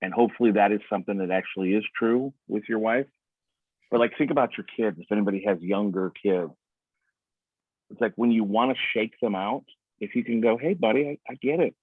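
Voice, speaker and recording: A man's voice: lowish voice, a little fast, no room sound. A man coaching on a video call in a conversational way, acting out quoted speech in other voices. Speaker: sales trainer. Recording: tinny phone-like line, dry.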